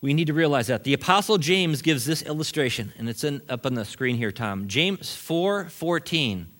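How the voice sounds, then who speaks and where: Middle-aged male pastor preaching in a church, slightly raised voice, animated delivery dropping to soft asides. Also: a little high, moderate pace. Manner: animated preaching with sudden drops to quiet asides. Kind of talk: sermon. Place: church sanctuary.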